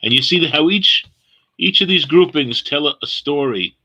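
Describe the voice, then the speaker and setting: A man with a very bright, sharp voice hosts a Bible study and invites questions from the group. He talks hesitantly, repeating words and pausing with fillers. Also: fairly high pitch, lively intonation, rough recording. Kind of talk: leading an online Bible study.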